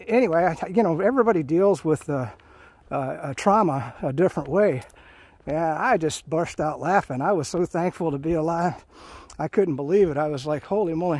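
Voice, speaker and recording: A man's voice: on the high side, darkish tone, dry recording. Rambling man telling old army stories. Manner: rambling, full of fillers and restarts. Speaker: Marine veteran storyteller. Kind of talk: casual spoken storytelling. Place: outdoors on a hiking trail. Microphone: phone held while walking.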